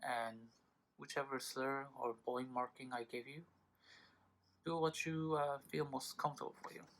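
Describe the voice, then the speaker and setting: This violin tutorial features a man teaching patiently and informally, dotted with fillers and self-corrections, while violin playing sounds between phrases. He has a medium-pitched, slightly bright voice, steady in tone and at normal speed.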